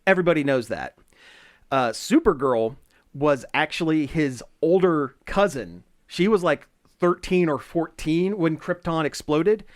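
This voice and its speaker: A man co-hosting a pop culture podcast in casual chat, animated and laughing often, with many fillers and restarts. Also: fairly high pitch, measured pace, dry recording, studio quality. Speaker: podcast co-host.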